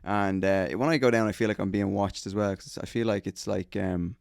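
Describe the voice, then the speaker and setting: A podcast co-host from Dublin, Ireland, speaks with a Dublin Irish accent in a gravelly, lowish, darkish voice, steady in tone and fairly quick. His casual chat is rambling, profane, and full of restarts. The show is recorded in a garden shed studio, yet the sound is dry and clean, like a studio.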